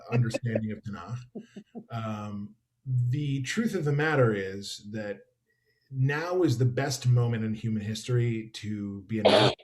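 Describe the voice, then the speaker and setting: A man's voice: medium pitch, a little mellow. Thoughtful man answering reader questions. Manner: thoughtful, expansive, with wry asides. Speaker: author, guest speaker. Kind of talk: conversational Q&A. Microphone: video call.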